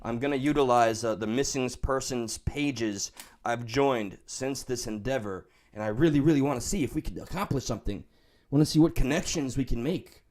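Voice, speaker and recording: A man's voice: mid-range voice, moderate pace, darkish tone. Man, New York accent, casual livestream chat, profane, rambling, candid. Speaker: livestream host reading chat.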